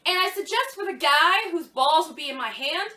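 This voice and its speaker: A woman with a very high, bright voice rants with heated, profane mockery. Her pitch swings widely as she talks. The sound is roomy and echoey. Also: animated, moderate pace. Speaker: podcast co-host. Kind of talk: ranting commentary.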